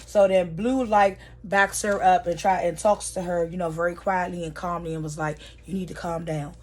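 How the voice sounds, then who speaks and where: A woman's voice: fairly low pitch, steady tone, moderate pace. A woman casually recapping a TV episode, retelling scenes by quoting the characters and talking straight to her viewers.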